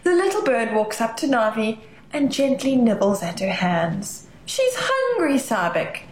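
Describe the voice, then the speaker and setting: A woman reads a children's story in a gentle, expressive way. Her voice sits slightly high and moves a lot, at an unhurried pace. There is a roomy echo and faint ambience behind her. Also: a little hiss or hum. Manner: gentle, expressive, with hushed asides.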